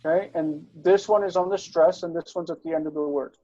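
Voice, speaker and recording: Patient man tutoring pronunciation, somewhat high voice. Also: fairly even intonation, fairly quick, warm tone, dry recording, lo-fi sound. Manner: patient, correcting pronunciation with short affirmations. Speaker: Hebrew and Aramaic tutor. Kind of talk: one-on-one language lesson.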